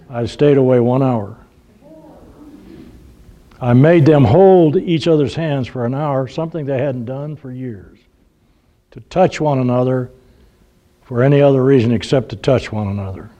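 A man's voice: mid-range voice, measured pace, long pauses, dark tone, dull audio. An older man preaching a sermon, telling folksy humorous stories and acting out the voices he quotes.

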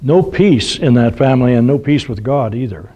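A man's voice: medium pitch, lively intonation, moderate pace, dark tone, muffled recording. An older man preaching a sermon, telling folksy humorous stories and acting out the voices he quotes.

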